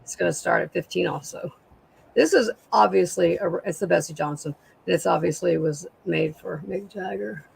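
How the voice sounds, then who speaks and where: A woman with a raspy voice, a guest seller chatting casually on a live sale and describing jewelry pieces. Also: fairly low pitch, normal speed, a little mellow, slight background noise, poor audio.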